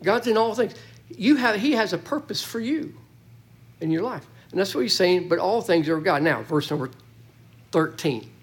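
A man teaching a Bible study as pastor, folksy and animated, with joking asides to his congregation. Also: sits high, moderate pace. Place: church.

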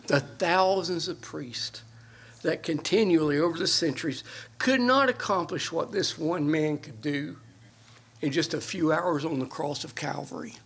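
A man's voice: on the high side, unhurried, vocal fry, fairly bright tone, husky. An older man, a pastor, preaching a sermon on Bible verses with earnest emphasis and homely asides.

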